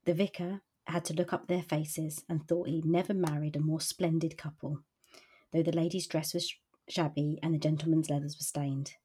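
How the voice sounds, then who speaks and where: A woman's voice: sits low, flat delivery, moderate pace, warm tone, slightly rough. A woman co-hosting a book podcast, talking casually with frequent laughs and some hesitation. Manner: laughing, hesitant with fillers and restarts. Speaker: podcast co-host.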